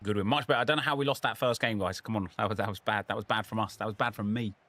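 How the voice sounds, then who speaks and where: A man's voice: lowish voice, rapid-fire. A man, casually commenting on his football game while chatting with viewers. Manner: relaxed, chatty, reacting to the match and to viewers. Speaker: gaming streamer. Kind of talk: casual live gameplay commentary.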